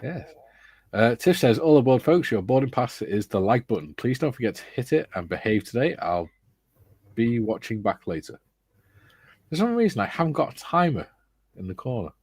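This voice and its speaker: A middle-aged man co-hosting a relaxed hobby livestream, reading viewers' comments and adding dry teasing remarks. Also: mid-range voice, normal speed, breathy edge, no room sound. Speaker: co-host of a model-building livestream. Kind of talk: casual chat reading out live comments.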